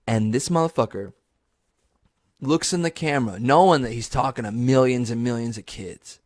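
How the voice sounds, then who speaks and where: A young man hosting his own podcast, telling a funny story solo in a loose, profane way, now and then jumping into high yelps. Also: moderate pace, no echo, clean studio sound. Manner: animated, swears a lot, jumps into high squeaky yells for emphasis. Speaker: podcast host.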